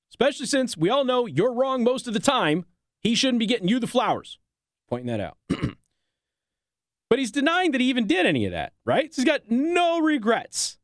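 A man's voice: very high voice, dry recording. A man hosting a talk radio show in a studio, delivering a sarcastic, opinionated monologue and laughing at his own jokes.

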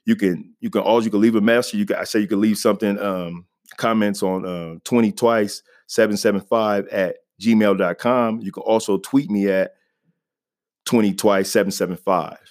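A man's voice: on the low side, steady tone, moderate pace, darkish tone. A man hosting his own podcast, talking loosely and conversationally, often saying "man" and "you know". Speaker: podcast host. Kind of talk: casual solo podcast talk. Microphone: home podcast mic.

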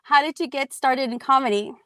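Upbeat female interview host with a high voice. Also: a little fast, pushed and bright. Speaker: podcast host. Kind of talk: interview hosting.

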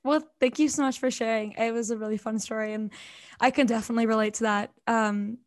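A bubbly woman hosting a podcast with a slightly high voice. She keeps the conversation casual and upbeat, showing a type A energy as she talks with her guest. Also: steady tone, fast. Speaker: podcast host. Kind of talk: casual interview.

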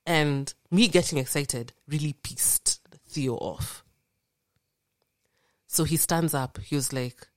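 A woman's voice: sits low, slow pace, no room sound, studio quality. A young woman, earnestly and animatedly retelling a painful personal story as a podcast guest.

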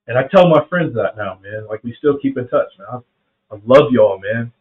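A man's voice: mid-range voice, animated, moderate pace. A middle-aged man from South Carolina hosting a faith podcast, talking casually and earnestly, often saying "man" and restarting his sentences. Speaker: podcast host. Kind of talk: reflective faith talk. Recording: phone-like narrow band.

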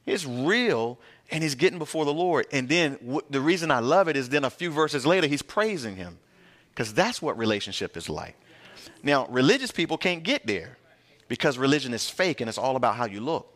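A man's voice: medium pitch, big pitch swings, normal speed, fairly bright tone. A male pastor, teaching a verse-by-verse Bible sermon in a conversational, emphatic way and using plain everyday words.

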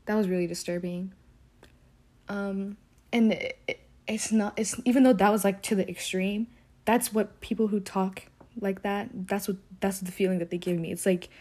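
A woman's voice: mid-range voice, a little mellow. A young woman giving a casual, rambling monologue, frustrated and full of fillers and restarts. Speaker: commentator.

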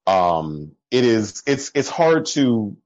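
A man with a low voice talks casually as a podcast guest, and the audio is a little dull. He tells his stories in bursts, with plenty of fillers and restarts. His laugh comes often, and he jumps higher in pitch whenever he acts out what someone else said. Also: slow, no room sound. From American Midwest. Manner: animated storyteller, swings up in pitch when quoting people. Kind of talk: casual chat.

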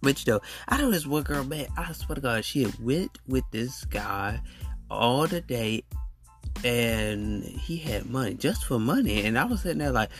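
A man's voice: mid-range voice, lively intonation, moderate pace, soft background music. A man hosting a podcast, telling a story in a casual, emphatic way, full of slang and repeated phrases. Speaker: podcast host.

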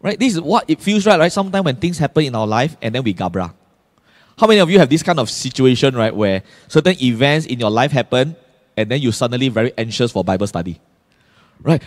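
A man's voice: medium pitch, lively intonation, fast talker, long reverb tail. A male pastor, preaching a sermon and pressing the congregation with rhetorical questions. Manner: emphatic, asks the congregation frequent rhetorical questions.

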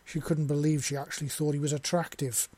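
A man narrating a science fiction story in a steady, plain reading voice. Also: fairly high pitch, brisk.

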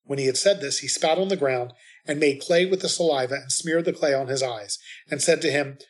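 A man reading the responsorial psalm and scripture readings at Mass in a measured, steady way. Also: mid-range voice.

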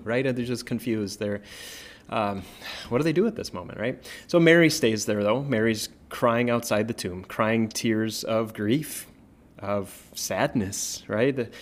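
A pastor retells a Bible story casually and conversationally in a medium-pitched male voice, often checking in with "right?" and pausing on fillers.

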